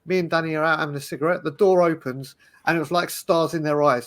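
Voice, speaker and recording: Bloke telling stories on a podcast, lively, keeps restarting, bit high-pitched. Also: male voice, fast. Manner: animated, storytelling, restarts often. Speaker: podcast panelist. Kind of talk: casual chat.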